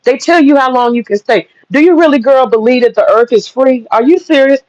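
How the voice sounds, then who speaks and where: A woman's voice: high voice, brisk, a little mellow, no room sound. A woman holds forth on her livestream in a blunt, profane, heated rant. She hits her points hard. The audio is dull, lo-fi and dry. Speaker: livestream host.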